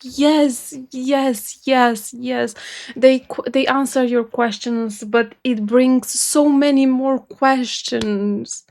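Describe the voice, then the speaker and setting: A woman's voice: high voice, steady tone, slow, creaky, darkish tone. A woman from Romania hosting a music reaction video, talking earnestly and emotionally and repeating phrases for emphasis. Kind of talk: casual reaction commentary.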